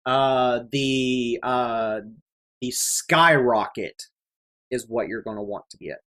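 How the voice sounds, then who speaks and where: A woman narrating as game master in a halting way with many fillers. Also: extremely low pitch, fairly bright tone.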